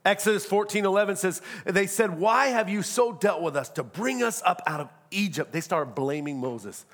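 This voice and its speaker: A pastor, preaching a sermon with humor and acted-out asides. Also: male voice, high voice, expressive, moderate pace, few pauses, a bit bright.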